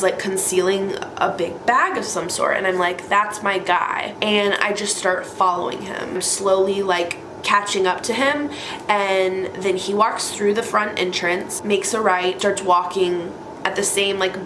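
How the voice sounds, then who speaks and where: A young woman tells a story to her camera in a relaxed, chatty way, peppering her speech with "like". Her voice sits at an ordinary middle pitch. The room around her rings with a noticeable echo. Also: noisy background. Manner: animated, chatty, heavy use of "like". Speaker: vlogger telling a story. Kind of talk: casual storytime vlog. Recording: echoey room.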